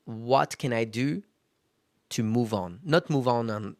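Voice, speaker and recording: Gravelly-voiced man hosting a solo podcast. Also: medium pitch, slow, no echo. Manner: conversational, self-reflective, frequent fillers. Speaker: podcast host. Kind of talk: casual solo podcast monologue.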